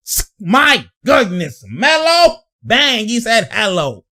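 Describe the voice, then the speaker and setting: A young man giving casual, animated commentary while reacting to a basketball game, slangy and laughing often. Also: extremely high pitch, takes it slowly. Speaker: sports commentator.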